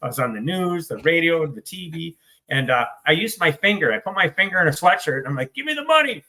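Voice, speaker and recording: A man's voice: fairly high pitch, lively intonation, fairly quick, bright, forceful tone. A middle-aged man from the United States, telling his own recovery story in an interview, blunt and swearing, self-deprecating. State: choked up. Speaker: interview guest, author in recovery.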